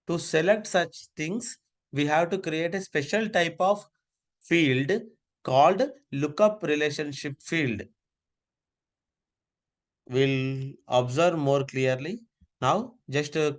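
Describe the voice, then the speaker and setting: A man teaching a live online class over a video call, giving repeated step-by-step instructions. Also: a little high.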